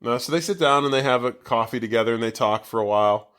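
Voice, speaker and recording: A man's voice: mid-range voice, fast talker, fairly bright tone, clear, resonant tone. A man co-hosting a casual podcast, recapping a movie in a loose, rambling way full of fillers. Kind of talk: casual chat. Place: basement.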